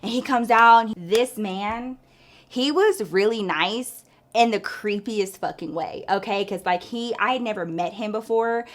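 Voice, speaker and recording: A woman's voice: medium pitch, a little slow. A woman spinning a story for her viewers in a loose, chatty way. Her talk is salty and profane, strung together with one filler after another. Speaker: storytime vlogger. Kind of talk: casual storytelling.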